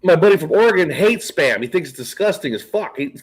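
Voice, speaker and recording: A man's voice: a little high, animated, fast, rough recording. A man co-hosting a casual talk show, rambling through stories and swearing often. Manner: rambling, swears freely, trails off. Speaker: podcast co-host. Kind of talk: casual chat.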